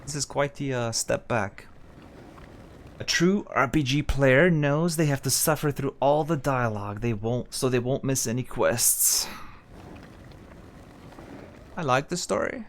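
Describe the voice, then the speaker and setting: A male game streamer tossing dry, joking remarks to his chat while he plays. His voice sits at an everyday middle pitch for a man, and he speaks casually and offhandedly. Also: a little slow, pauses often, a little hiss or hum. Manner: wry, joking asides to chat. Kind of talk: casual gameplay commentary.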